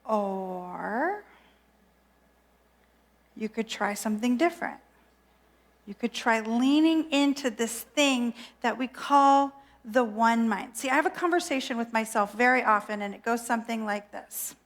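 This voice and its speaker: A woman's voice: on the high side, animated, measured pace. A woman minister preaching a sermon in a playful, self-mocking, theatrical way.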